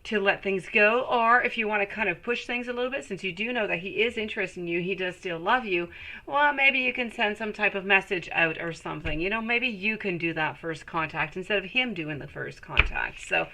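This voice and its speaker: A woman's voice: medium pitch, a little fast, sharp tone, low-quality recording. A woman giving a live-streamed tarot reading, chatting with viewers and calling them sweetie as she reads the cards. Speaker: tarot reader.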